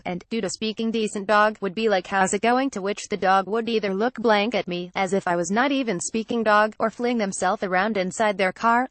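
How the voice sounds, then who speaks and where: A woman's voice: mid-range voice, dry recording. A woman narrating an audiobook in an earnest, naive first-person storytelling manner.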